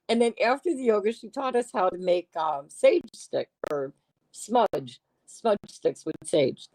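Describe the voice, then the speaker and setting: A woman's voice: a little high, mellow, dry recording. A woman hosting a casual livestream, chatting in a teasing way and reading her viewers' comments aloud. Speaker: livestream host.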